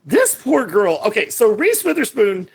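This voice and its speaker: A man co-hosting a casual movie podcast, talking in animated bursts that jump from high excited peaks to low asides. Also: a little slow, vocal fry, breathy edge. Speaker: podcast co-host.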